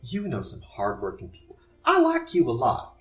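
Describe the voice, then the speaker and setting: A man's voice: medium pitch, huge pitch swings, moderate pace, faint music behind. A man voicing a nervous, earnest young man from the wilds in a tabletop game, hesitant and stumbling over his words. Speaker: player.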